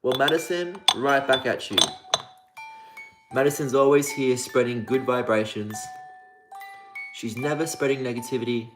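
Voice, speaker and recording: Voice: mid-range voice, normal speed, pauses often. A livestream host chatting casually, greeting viewers by name in a sing-song, rhyming patter. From Australia (Victoria). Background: music playing.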